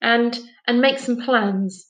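A woman's voice: on the high side, slow pace. A woman voicing an eager young girl in a children's story.

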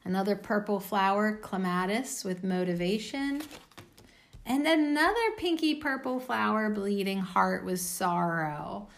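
Woman card reader, late-night casual reading, gravelly, unhurried, blunt and a bit cheeky. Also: mid-range voice. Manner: blunt, swearing, self-mocking. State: tired.

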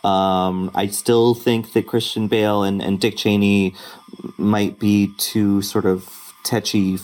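In a casual panel chat, a podcast co-host and critic muses aloud, rambling and hesitant, restarting often and using plenty of fillers. His voice sits on the low side, a little mellow, delivered flatly and slowly.

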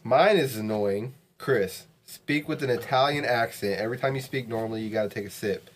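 A man's voice: medium pitch, fairly quick, few pauses. Tipsy podcast co-host man. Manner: laughing, swearing, slurring as he drinks. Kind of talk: drunken casual chat.

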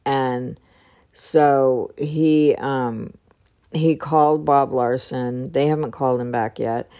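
Low, slow-spoken woman searching for words. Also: steady tone, warm tone. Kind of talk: casual personal storytelling.

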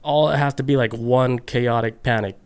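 A man's voice: mid-range voice, steady tone, moderate pace, clear, resonant tone. A man co-hosting a podcast, rambling in a laid-back way with lots of fillers. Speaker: podcast co-host. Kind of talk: casual podcast chat.

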